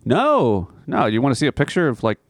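A man's voice: medium pitch, wildly swooping pitch, fairly quick, no echo. A man co-hosting a podcast in casual chat, telling rambling, profane stories and laughing often. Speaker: podcast co-host.

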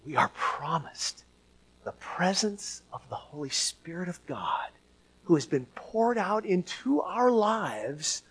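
A man preaching a sermon as pastor to his church, asking the congregation questions and swinging from hushed lines to loud ones. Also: sits high.

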